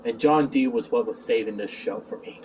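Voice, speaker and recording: A man's voice: medium pitch, moderate pace, darkish tone. A man reviewing a TV episode in a rambling, sarcastic casual recap, recorded on a distant mic with faint background noise.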